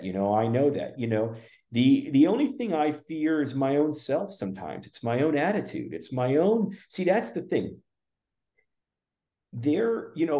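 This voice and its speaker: A man with a medium-pitched, dark voice chats casually as a spiritual guest, rambling along with frequent restarts and lots of "you know" fillers. The recording has a roomy echo.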